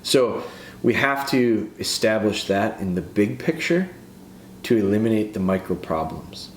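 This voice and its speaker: A man's voice: fairly low pitch, animated, a little slow. A man hosting a podcast as a dog trainer, explaining in a casual, earnest way and often restarting and repeating his phrases. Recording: echoey room with faint background noise.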